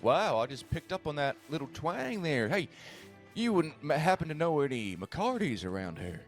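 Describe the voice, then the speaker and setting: A man's voice: fairly high pitch, sing-song, normal speed, faint music behind. A man playing a nervous, self-deprecating frontier man who rambles and swears in a western roleplay. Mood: curious.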